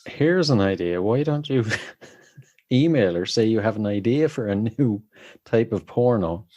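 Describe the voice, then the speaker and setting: Male guest, mellow low voice, playful joking chat. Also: expressive, measured pace, lo-fi sound. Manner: joking, laughing asides. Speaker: podcast guest. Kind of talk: casual chat.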